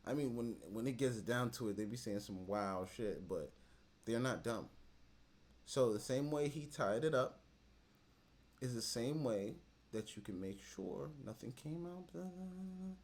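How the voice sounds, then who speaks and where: A man hosts a reaction video in easy, casual commentary. His pitch sits in a middle range, and his talk is blunt and full of slang. He drifts from low mutters to sharp outbursts. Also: animated, unhurried. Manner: blunt, slangy, swings between mumbling and outbursts.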